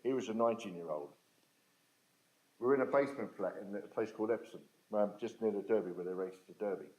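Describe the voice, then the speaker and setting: A man's voice: lowish voice, quick pace, darkish tone, rough recording. An older man, telling his story to an audience in a blunt, plain-spoken, emphatic way. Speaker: speaker at a talk on restorative justice.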